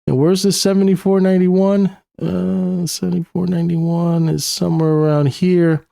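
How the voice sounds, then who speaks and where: A man's voice: high voice, flat delivery, moderate pace, gravelly, warm tone, no room sound, clean studio sound. A young man with a New York accent talks casually through market charts as a technical analyst, thinking aloud with plenty of uhs and you-knows. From New York City. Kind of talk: screen-share chart analysis.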